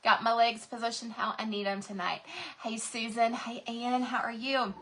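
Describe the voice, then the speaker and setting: Woman, Texas accent, craft livestream host, chatty, greets viewers by name, a bit high-pitched. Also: flat delivery, normal speed, sharp tone, a little hiss or hum. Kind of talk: casual livestream chat. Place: craft room.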